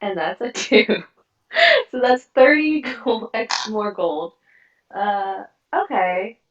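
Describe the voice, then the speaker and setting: A woman's voice: medium pitch, expressive, slow. Giggly woman player, casual swearing, echoey room, dull sound. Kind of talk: casual tabletop game chat. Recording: roomy, distant, dull sound.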